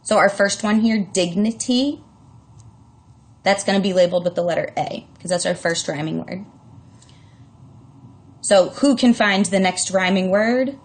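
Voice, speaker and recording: A woman's voice: medium pitch, measured pace, long pauses. A woman teacher giving a casual recorded distance-learning lesson, with lots of fillers and self-corrections. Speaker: English teacher.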